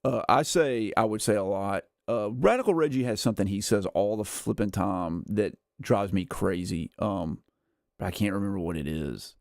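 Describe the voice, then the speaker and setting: A man in his thirties, a gaming streamer, chats casually on a livestream, rambling along with plenty of "like" and "uh" and chuckling often. His voice is fairly low, animated and creaky, at a normal speed, recorded dry with clean studio sound.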